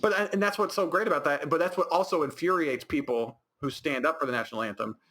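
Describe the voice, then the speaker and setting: A man's voice: a little high, fast, a bit bright. A man with an American accent co-hosting a casual podcast, rambling with many fillers and restarts. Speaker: podcast co-host. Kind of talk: casual chat.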